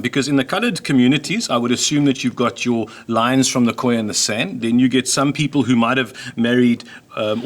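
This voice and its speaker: A man hosts a casual sit-down conversation. He talks thoughtfully, spinning stories at an everyday pitch. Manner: thoughtful, storytelling, acts out quoted voices. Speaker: host.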